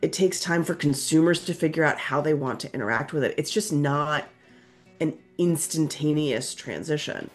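A low-pitched woman speaking as an expert. She explains in a reasoned, analytical way, with faint music behind. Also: normal speed. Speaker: labor market expert. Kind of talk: interview answer.

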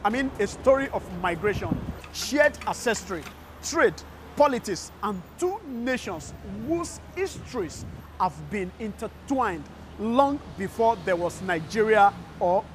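A woman giving scripted documentary narration in a measured, storytelling way. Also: mid-range voice, animated, slight background noise. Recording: faint music behind. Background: faint music.

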